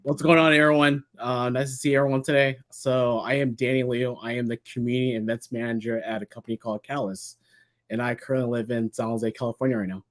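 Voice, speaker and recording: A man joining a live show as a guest, introducing himself in a relaxed, friendly way. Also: mid-range voice, fast, no room sound.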